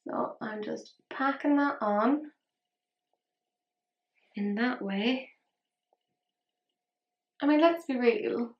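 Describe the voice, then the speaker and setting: A woman's voice: fairly high pitch, extremely slow, pauses often, lo-fi sound. A woman chatting casually through a makeup tutorial, rambling and poking fun at herself. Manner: chatty, self-mocking, rambling asides. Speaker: makeup vlogger. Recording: roomy echo.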